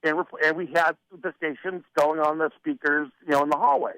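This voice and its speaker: A man's voice: on the high side, brisk, low-quality recording. A man telling radio-station stories in a casual interview. He acts out the lines of the people he quotes, with many fillers and restarts. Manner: animated storyteller who acts out quoted dialogue; many fillers and repeated starts. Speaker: radio consultant, interview guest.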